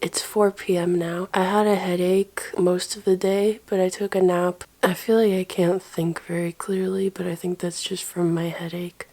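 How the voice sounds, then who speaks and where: A young woman speaking candidly in a personal video diary, her voice often dropping to a soft near-whisper. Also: lowish voice, flat delivery, moderate pace, few pauses. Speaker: vlogger.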